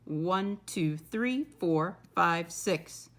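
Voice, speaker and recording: A woman teaching a first-grade lesson. She talks to the children in a patient, encouraging way and counts aloud slowly and clearly. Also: lowish voice. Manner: patient, encouraging, often says "my friends". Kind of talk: recorded classroom lesson.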